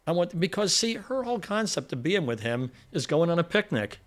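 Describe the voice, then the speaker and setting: An older man co-hosting a casual movie review chat, animated and acting out quoted lines with emphasis. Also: fairly high pitch, brisk. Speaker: co-host of a movie review show.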